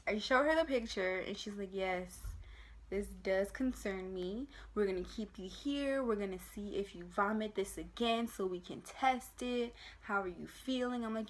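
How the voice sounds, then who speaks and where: A young woman telling her pregnancy story in a casual vlog, acting out the people she quotes in lively voices. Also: mid-range voice, normal speed. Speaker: vlogger.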